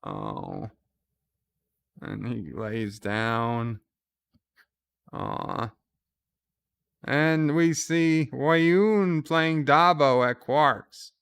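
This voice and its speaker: A man's voice: mid-range voice, sing-song, drawn-out words, creaky, pauses often, a bit bright, smooth. A man hosting a live reaction commentary, casually retelling scenes with fillers and restarts. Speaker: channel host recapping an episode.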